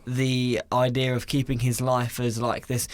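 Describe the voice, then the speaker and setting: A male podcast co-host in easy, casual chat. He speaks in a slow, drawn-out way and keeps a jokey tone. His voice sits at an ordinary middle pitch. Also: completely flat delivery.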